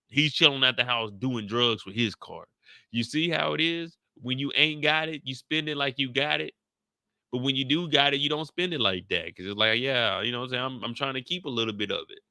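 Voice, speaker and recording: A man's voice: mid-range voice, a little fast, gravelly, sharp tone, dry recording, studio quality. A man giving casual, joking commentary as he recaps a TV episode, riffing in slang. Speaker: YouTube show recapper.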